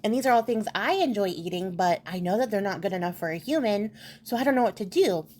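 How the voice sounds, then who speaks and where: A woman's voice: mid-range voice, lively intonation, fast talker, a little mellow, slight background noise, close to an everyday voice. A woman voicing a small, anxious rabbit that talks in a hesitant, fretful way.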